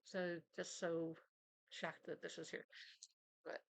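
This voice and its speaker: Casting: woman vlogger, slightly low voice, casual rambling chat at home desk. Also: little pitch movement, slow, creaky. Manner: chatty, rambling, laughs often.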